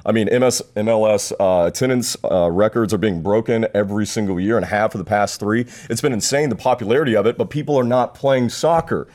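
Fast-talking man ranting about sports. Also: fairly low pitch, a little mellow. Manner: fast, fired-up, self-deprecating. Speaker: podcast co-host. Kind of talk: casual sports chat, ranting.

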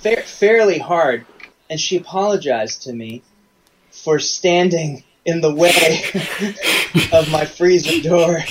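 A man who performs live for children, telling stories in a halting way on a casual interview. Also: fairly high pitch. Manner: rambling, halting storyteller with restarts. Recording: dull remote call audio with faint noise.

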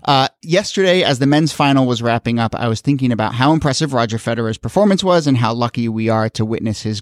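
A man co-hosting a podcast, giving an earnest, animated and emotional commentary in a casual chat. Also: mid-range voice, no echo, studio quality. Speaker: podcast co-host.

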